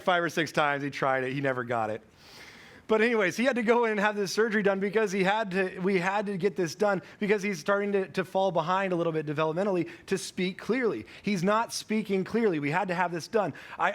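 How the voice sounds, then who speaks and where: A man in his thirties gives a sermon from the pulpit in a casual, storytelling way. His voice sits a little high for a man. He stumbles and restarts lines easily. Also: brisk, fairly bright tone. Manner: conversational storytelling, self-correcting. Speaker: pastor.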